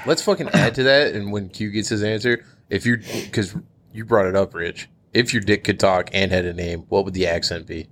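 A man's voice: fairly low pitch, fairly even intonation, normal speed, fairly bright tone, slight background noise. A man co-hosting a podcast, teasing and asking the others crude questions. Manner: teasing, asks the group questions. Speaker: podcast co-host. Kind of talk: crude casual banter.

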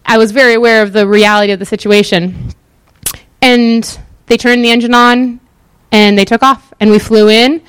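A woman teaching from scripture in an easy, talkative sermon style, animated and full of fillers. Her voice is somewhat high, smooth and clear, recorded close and dry with no room sound. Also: moderate pace, dry recording. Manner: chatty, animated, lots of fillers. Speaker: Bible teacher.

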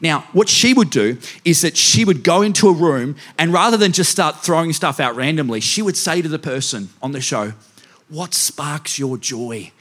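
Brief: playful male pastor, a little higher-pitched, joking with the crowd in church. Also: expressive, fairly quick, hardly any pauses, fairly bright tone. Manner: playful, self-mocking, addresses the congregation directly. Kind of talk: humorous sermon with personal stories.

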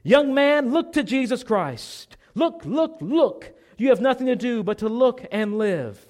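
A man's voice: fairly high pitch, animated, measured pace. A man voicing a thin, plain-spoken lay preacher who keeps urging his hearers in a fervent, repetitive way. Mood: shouting. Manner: fervent, repetitive, rising to shouts.

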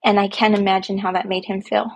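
A woman's voice: mid-range voice, little pitch movement, fast talker, slightly rough. A woman hosting a podcast, speaking earnestly and heartfelt about her own life as a parent, with emphatic repetitions. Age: young adult to middle-aged, a parent. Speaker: podcast host. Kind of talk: personal reflective monologue.

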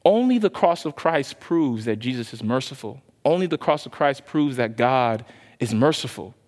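A man preaching a sermon in a conversational, animated way, asking his listeners question after question. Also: medium pitch, normal speed, big-room sound. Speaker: pastor.

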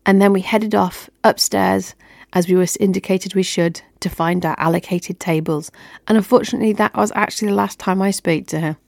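A woman's voice: mid-range voice, fairly even intonation, a little fast, vocal fry, darkish tone, no echo, studio quality. A woman telling a personal story on her podcast in an upbeat, chatty way.

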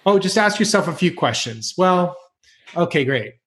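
A man's voice: sits high, lively intonation, normal speed, fairly bright tone. A man hosting a podcast, curious and rambling, with frequent restarts. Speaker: host. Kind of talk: casual podcast conversation.

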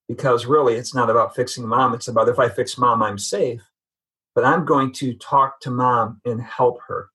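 A man's voice: mid-range voice, normal speed, fairly bright tone, slightly rough, poor audio. A man giving an earnest, reflective personal testimony as a guest in a conversation. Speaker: podcast guest.

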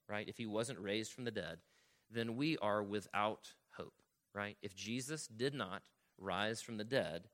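Bright-voiced pastor preaching earnestly. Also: male voice, on the low side. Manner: earnest, teaching, keeps asking "right?"; reads scripture aloud, slowing on key lines. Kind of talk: sermon.

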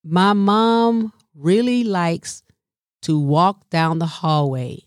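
A middle-aged woman caring for her mother, telling a personal story in an animated, colloquial way and sometimes dropping into a whisper. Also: low-pitched, no room sound, clean studio sound. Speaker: family caregiver.

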